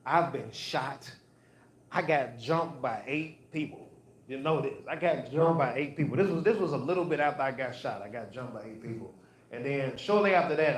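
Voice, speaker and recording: A man doing a stand-up routine on a comedy club stage, telling loose, profane stories and repeating his lines. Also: medium pitch. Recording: echoey live venue.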